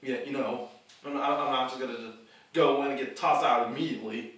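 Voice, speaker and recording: A young man talks straight to the camera about his own plans in a loose, rambling way, often repeating words before he gets going. His voice sits at an ordinary pitch for a man and comes from some distance off the mic. The room around him rings with a lot of echo. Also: steady tone, a little fast, a bit bright. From the Carolinas. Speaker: independent wrestler and vlog host. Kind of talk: casual rambling monologue.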